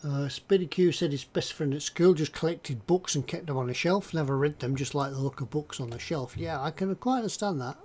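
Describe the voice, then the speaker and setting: An older man chats through a casual live stream, reading viewer comments aloud. He rambles, stalls on words and restarts his thoughts often. His voice sits a little higher than most men's. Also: brisk, few pauses, a little mellow. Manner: rambling, hesitant, lots of ums and restarts.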